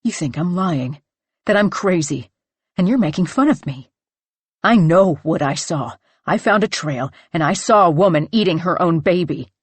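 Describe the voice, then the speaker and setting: Woman narrator doing a frantic young man, shouting and accusing. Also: lowish voice, lively intonation, normal speed, husky, no echo. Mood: ranting, accusing.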